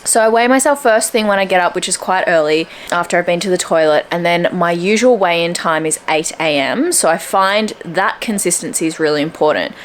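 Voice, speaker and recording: A woman's voice: brisk, few pauses, a little hiss or hum. A young woman talking casually to camera about her day at home, chatty and upbeat. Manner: chatty and upbeat, drifting into squeaky baby talk for her dog. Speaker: fitness vlogger. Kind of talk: casual vlog chat to camera.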